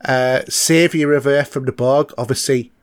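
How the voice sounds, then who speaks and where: An English man co-hosts a podcast, talking through a TV episode in a loose, chatty way. He hesitates often and leans on fillers and restarts. His voice sits at an ordinary middle pitch. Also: fairly even intonation, normal speed, smooth, dry recording, clean studio sound. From England. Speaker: podcast co-host. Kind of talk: casual chat recapping a TV episode.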